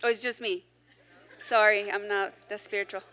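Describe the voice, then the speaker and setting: A woman pastor preaching a sermon in an animated, conversational way, with joking asides to the congregation. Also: medium pitch, moderate pace.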